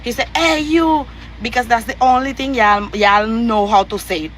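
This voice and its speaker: A woman's voice: a little high, steady tone, normal speed, a bit bright, slight background noise, rough recording. A woman with a Venezuelan Spanish accent tells a heated, profane story with many fillers and restarts. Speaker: guest telling a story.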